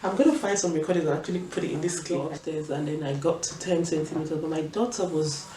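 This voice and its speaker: A young Nigerian woman telling a personal story in a vlog, in an animated and emphatic way. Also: low-pitched, fast talker. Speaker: vlogger. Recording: roomy echo, distant mic, faint room noise.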